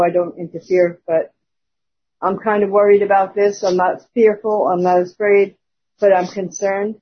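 A church member giving a spoken testimony on an online prayer service, talking earnestly and haltingly over a phone. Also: mid-range voice, slightly rough. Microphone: phone on a call. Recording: muffled lo-fi call audio.

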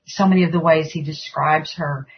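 Breathy woman thinking out loud about scripture, pretty flat tone, muffled lo-fi audio. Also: deep voice, normal speed. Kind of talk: religious discussion. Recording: dull lo-fi sound.

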